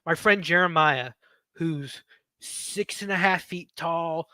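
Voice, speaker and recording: A man's voice: on the high side, takes it slowly, bright, forceful tone, no echo. A man, hosting a podcast and telling rambling stories in casual chat. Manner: rambling, self-interrupting storyteller. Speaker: podcast host.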